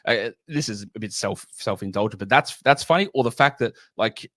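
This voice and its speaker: A man's voice: lowish voice, moderate pace, sharp tone, no room sound. A middle-aged man chatting as a podcast guest, rambling and repeating words as he jokes around. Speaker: guest analyst. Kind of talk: casual podcast chat.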